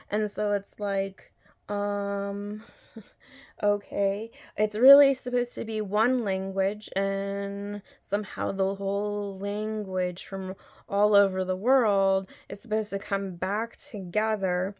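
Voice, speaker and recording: A woman's voice: medium pitch, flat delivery, slow pace, a little mellow. A woman in a casual spoken review, talking in an earnest, rambling way with frequent restarts. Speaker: video blogger reviewing an audio drama.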